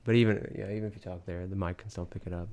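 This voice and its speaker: A man's voice: low-pitched, fairly even intonation, racing, lo-fi sound, a crowd in the background. A man hosting a casual group chat, explaining things for listeners, on a condenser mic. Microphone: condenser microphone.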